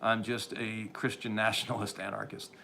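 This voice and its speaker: A man's voice: fairly low pitch, flat delivery, moderate pace, creaky, sharp tone, a little hiss or hum. A man hosting a livestream, rambling through opinionated commentary as he reads and answers viewer chat, often restarting sentences and chuckling. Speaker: livestream host reading chat.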